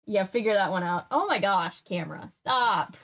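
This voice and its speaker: A woman's voice: medium pitch, animated, moderate pace, a bit bright. A young woman streaming a casual children's book read-aloud, with chatty, joking asides. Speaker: streamer reading a kids' book.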